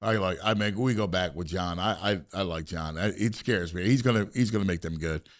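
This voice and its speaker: A man hosting a casual sports talk show, excitable and stammering, quick to cheer. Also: deep voice.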